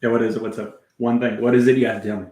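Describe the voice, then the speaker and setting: A man's voice: mid-range voice, flat delivery, very fast, a little mellow. A man chatting casually on a music livestream, rambling and meandering, swearing offhandedly and answering his chat as he goes. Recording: echoey room.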